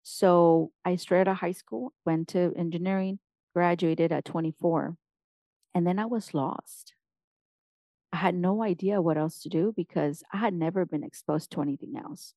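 A woman's voice: fairly low pitch, moderate pace, warm tone, dry recording. A middle-aged woman from Mexico, a guest on an interview, talking with energy and repeating punchy encouraging phrases. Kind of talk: motivational interview talk.

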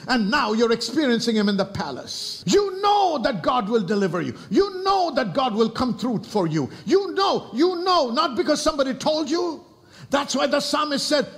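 A man's voice: very high-pitched, fairly bright tone. A man preaching a sermon as pastor, emphatic, asking rhetorical questions and calling on the congregation to respond.

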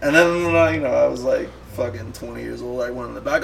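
A man's voice: mid-range voice, fairly even intonation, brisk, creaky, hardly any pauses, a little hiss or hum. A podcast host in his thirties telling a rambling, profane anecdote in casual chat, laughing as he goes. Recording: distant mic with loud music behind. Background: music playing.

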